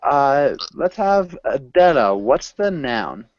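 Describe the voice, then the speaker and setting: A man's voice: medium pitch, big pitch swings, takes it slowly, darkish tone, dry recording, muffled recording. A man teaching an English class, patient and encouraging as he explains pronunciation. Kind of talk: online group language lesson.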